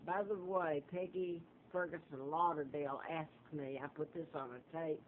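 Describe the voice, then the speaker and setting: A woman's voice: deep voice, steady tone. Older woman in a vlog monologue, digressive and full of restarts; thin lo-fi audio, faint hiss. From Alabama, US. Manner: digressive, halting, many fillers and restarts. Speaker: vlogger. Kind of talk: rambling personal monologue. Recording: tinny lo-fi phone-like audio with faint noise.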